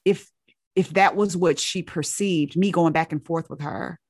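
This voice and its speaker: A woman's voice: on the low side, measured pace, a little mellow, breathy edge, dry recording, studio quality. A woman doctor telling a reflective story in an earnest, searching way, often restarting her sentences.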